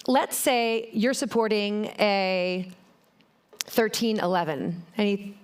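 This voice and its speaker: A woman's voice: medium pitch, slow, clean tone. A middle-aged woman giving a motivational keynote talk on a conference stage, telling stories and speaking straight to the audience. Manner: animated, storytelling, addresses the audience directly.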